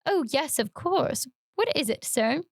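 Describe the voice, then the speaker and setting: A woman voicing a sinister, oily male barber in a dramatic read-aloud, slow and wheedling with sudden shrill outbursts. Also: expressive, no echo, clean studio sound.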